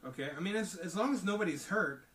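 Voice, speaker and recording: A man's voice: sits high, lively intonation, fast, a bit bright, roomy sound, far from the mic. A man co-hosting a casual discussion, talking emphatically and tagging his points with "okay?" and "you know?". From outside the United States. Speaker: podcast co-host.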